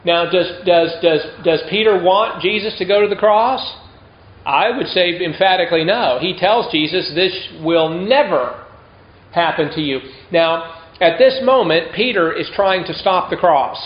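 A man delivers a sermon in an easy, conversational manner, sprinkling in rhetorical questions. His voice sits a little high. The recording is echoey and somewhat lo-fi. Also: moderate pace. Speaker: pastor. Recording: roomy, dull lo-fi sound.

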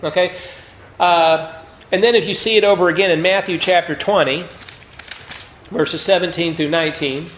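A man delivers a sermon in an easy, conversational manner, sprinkling in rhetorical questions. His voice sits a little high. The recording is echoey and somewhat lo-fi. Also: steady tone, normal speed, pauses often, slight background noise. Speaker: pastor. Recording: roomy, dull lo-fi sound.

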